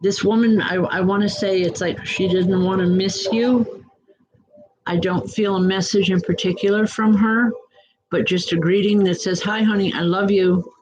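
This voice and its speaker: A woman acting as a reverend and psychic medium, giving live readings in a gentle, reassuring way and calling viewers by name, with many "um" fillers. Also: medium pitch, fairly even intonation, normal speed, slight background noise, rough recording.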